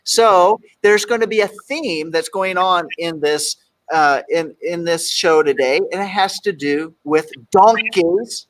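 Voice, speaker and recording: Man, from texas, talk show host, jokey, raised pitch, reads quotes with emphasis. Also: a little slow, fairly bright tone. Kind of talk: casual talk show banter.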